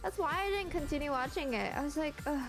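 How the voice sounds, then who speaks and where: A young woman streaming, reacting to a live awards show in casual chat that often jumps into excited exclamations and gasps. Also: sits high, fast talker, over music.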